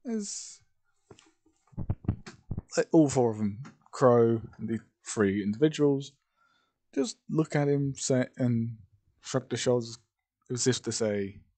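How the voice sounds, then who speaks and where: A man's voice: medium pitch, lively intonation, takes it slowly, pauses often, dark tone. A man improvising a fan-fiction story aloud, rambling and correcting himself as he goes. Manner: rambling, self-correcting, hesitant.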